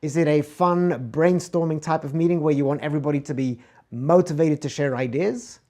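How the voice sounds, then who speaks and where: A man leads an online communication lesson with a voice pitched a touch high. He moves between loud, bright emphasis and soft, low murmurs to show how tone changes meaning. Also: fairly quick. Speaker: communication coach. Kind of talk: instructional talk from an online course.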